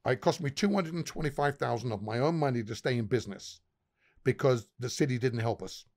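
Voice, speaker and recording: A man's voice: mid-range voice, brisk, darkish tone. A man, a pub owner and guest, telling profane, laughing anecdotes in casual conversation. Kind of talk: casual storytelling chat.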